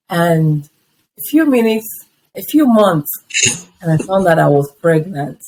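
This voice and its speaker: A woman's voice: on the low side, unhurried, low-quality recording. A woman in her fifties telling her personal story in an interview, acting out the conversations she had along the way. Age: 50s. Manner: animated storytelling that acts out past conversations. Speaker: interview guest.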